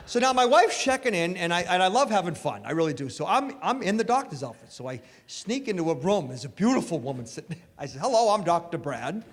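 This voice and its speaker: A middle-aged male stand-up comic with a fairly high voice tells animated stories from a club stage and shouts his punchlines. He is recorded live, and his voice rings through a long hall echo. Clear room noise hangs behind him. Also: fast, few pauses. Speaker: stand-up comedian. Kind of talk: stand-up comedy set. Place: comedy club stage before a live audience.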